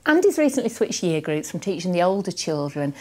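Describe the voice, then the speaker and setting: A woman's voice: lowish voice, very animated, brisk, darkish tone. A woman who is a school language coordinator, speaking in an encouraging, supportive way. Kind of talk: professional conversation.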